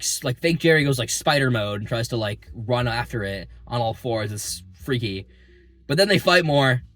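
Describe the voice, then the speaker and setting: A young man recapping a movie in a rambling, excitable way, full of fillers and casual swearing, recorded in a parking lot. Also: mid-range voice, no echo. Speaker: movie reviewer.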